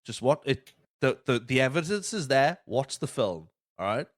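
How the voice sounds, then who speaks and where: In clean, echo-free studio audio, a man hosting a podcast swaps stories in a relaxed chat, peppering them with profanity and performed quotes. His medium-pitched voice swings widely in pitch while keeping a normal speed.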